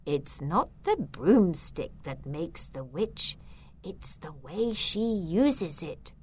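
Woman reads an old grandmother witch, lower, calm and measured. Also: husky, heavily acted. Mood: wise.

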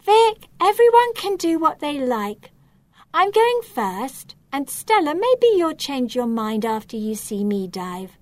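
A woman voicing a brave, stubborn young mermaid girl in a storybook reading, in a raised, bright, strained voice. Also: on the high side, sing-song, measured pace, hardly any pauses, no room sound. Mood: determined.

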